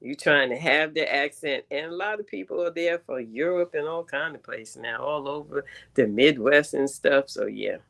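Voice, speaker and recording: A woman's voice: low-pitched, normal speed, gravelly, fairly bright tone. A woman with a thick Brooklyn accent hosts a casual livestream. She talks bluntly and emphatically, and she breaks into laughter often as she chats. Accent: Brooklyn New York. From Brooklyn, New York. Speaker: stream host reading cards.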